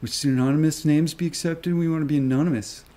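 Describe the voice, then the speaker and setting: A man's voice: fairly high pitch, steady tone, quick pace, warm tone. A man ranting on a live stream, angry and sarcastic, swearing and taunting with rhetorical questions. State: agitated. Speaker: stock market commentator.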